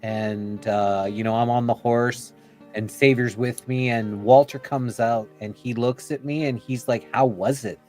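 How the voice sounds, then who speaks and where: A man appears as a podcast guest, spinning out a long personal story in a loose, chatty way packed with "you know" and "like," voicing what other people said. He speaks unhurriedly in a mid-range, darkish voice with fairly level intonation, and soft music plays underneath.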